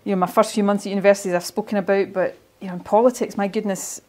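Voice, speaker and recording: A woman's voice: mid-range voice, steady tone, rapid-fire, dark tone. A Scottish woman in her forties, earnest and encouraging, giving a motivational talk to young players and often restarting phrases. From Ayrshire, Scotland. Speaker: guest speaker.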